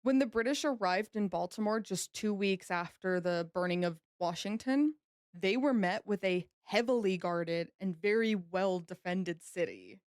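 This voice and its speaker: A woman's voice: medium pitch, a little mellow, smooth, dry recording, clean studio sound. A woman co-hosting a podcast, telling history in a chatty, easygoing way and laughing easily. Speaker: podcast co-host. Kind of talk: casual history podcast chat.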